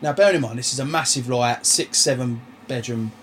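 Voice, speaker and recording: Male host, casual storyteller, sweary and lively, mid voice, faint background noise. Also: medium pitch, moderate pace. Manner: animated, swearing, retells dialogue. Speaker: podcast host.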